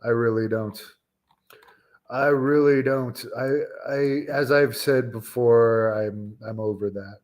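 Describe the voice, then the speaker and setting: Forty-something male host, mid-pitched, loose and rambling, live-stream Q&A chat. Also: fairly even intonation, slow pace, darkish tone. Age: 40s. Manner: rambling, chatty, with frequent fillers and restarts. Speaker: wrestling show host. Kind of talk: casual live-stream chat answering viewers.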